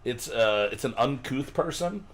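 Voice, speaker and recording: A man's voice: medium pitch, animated, unhurried, a bit bright. A man hosting a casual chat, explaining terms in a rambling way, often laughing. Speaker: podcast host.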